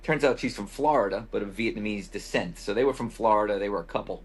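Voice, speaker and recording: Husky man telling a wry travel story. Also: lowish voice, quick pace. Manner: loose, profane, wry anecdotes with quoted asides. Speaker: podcast host. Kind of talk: casual storytelling.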